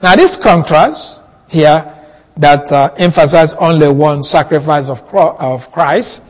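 A man teaching a Bible passage in a sermon, slow and deliberate, repeating key words for emphasis. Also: fairly high pitch, animated, long reverb tail, poor audio. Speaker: preacher.

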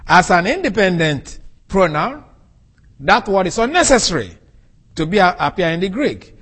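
Guy preaching a bible sermon, talks slow, voice pretty high and jumps up and down a lot. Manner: animated, rises and falls sharply in pitch and loudness; explains Greek words, slow and deliberate.

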